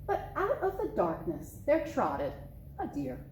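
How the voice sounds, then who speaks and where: A woman's voice: high-pitched, measured pace, slight background noise. A woman, a children's librarian, reading a picture book aloud expressively, recorded in an echoey room. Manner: expressive, storytelling.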